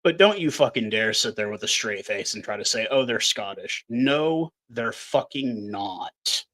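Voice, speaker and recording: A man's voice: on the low side, animated, a little slow, pushed and bright. A man from Canada co-hosting a casual podcast, talking bluntly and ranting with plenty of swearing. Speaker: podcast co-host. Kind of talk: casual chat.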